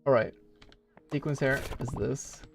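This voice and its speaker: A man's voice: mid-range voice, steady tone, measured pace, gravelly, over music. A man streaming a speedrun, rambling casually and thinking aloud with lots of filler words. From Norway. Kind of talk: casual live-stream chat while playing.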